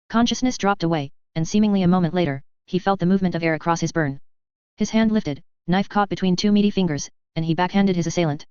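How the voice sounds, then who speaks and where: Woman audiobook narrator, brisk steady read, slightly dull lo-fi audio. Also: on the low side, clear, resonant tone, no echo. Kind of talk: scripted narration.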